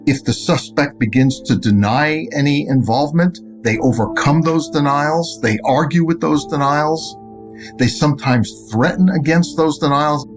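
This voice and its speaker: A man's voice: fairly high pitch, unhurried, over music. A man interviewed as an expert, explaining in a firm, methodical way.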